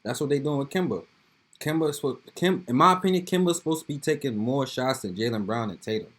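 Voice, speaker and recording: A reaction video host from Brooklyn, New York, riffs casually in slangy, rambling commentary, constantly tossing in "bro" and "you feel me." His mid-range voice is expressive and fast.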